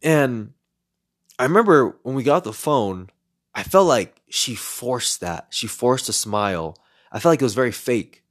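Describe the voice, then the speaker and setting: A man's voice: medium pitch, animated, measured pace. A man hosting a solo podcast, talking in an earnest, reflective way and often repeating words as he searches for them. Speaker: podcast host.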